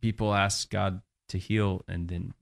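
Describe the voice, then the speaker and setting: Low-voiced man, relaxed evangelist. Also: measured pace, vocal fry. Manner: relaxed, chuckles while talking. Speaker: guest, evangelist. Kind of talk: casual conversation.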